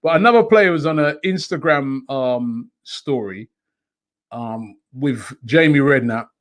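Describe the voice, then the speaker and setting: A man's voice: medium pitch, measured pace. A man co-hosting a casual live football chat. He reads out viewer questions in an easygoing, hesitant way, with plenty of fillers. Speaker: show co-host reading viewer questions.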